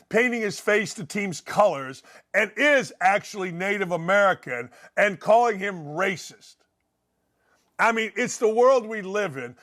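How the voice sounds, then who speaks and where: A man's voice: sits high, fairly bright tone. A man hosting a sports talk show, delivering a blunt, profane opinion rant.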